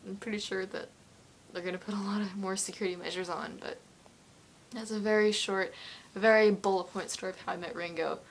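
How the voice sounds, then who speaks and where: This woman's medium-pitched voice stays steady and moves fairly quickly, with a slight hiss or hum in the recording. Sitting at home with her cat, she answers fan questions in a relaxed vlog, wandering off track, giggling, and saying sorry as a story makes her emotional.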